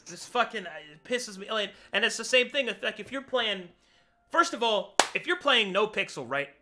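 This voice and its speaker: A man's voice: high-pitched, sing-song, moderate pace, music in the background. A man in casual chat, ranting heatedly and swearing as he vents. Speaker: tabletop game player.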